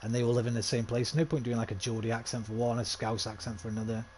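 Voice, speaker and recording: A man's voice: mid-range voice, fairly even intonation, fast, crowd noise. A man giving casual, self-mocking commentary while streaming a game. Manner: chatty, self-mocking, thinks aloud. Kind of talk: casual let's-play commentary.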